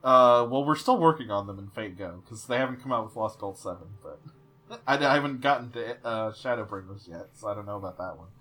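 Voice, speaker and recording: A man's voice: on the low side, animated, fairly quick, bright, forceful tone. A man co-hosting a podcast, chatting casually and animatedly, often acting out lines he quotes. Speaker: podcast co-host. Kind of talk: casual chat.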